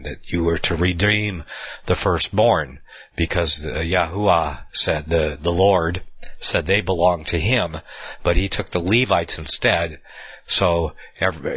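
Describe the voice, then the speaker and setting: A man giving an unscripted Bible study talk, rambling with fillers and restarts, slowing down to stress key words. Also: sits low, breathy edge, no room sound, lo-fi sound.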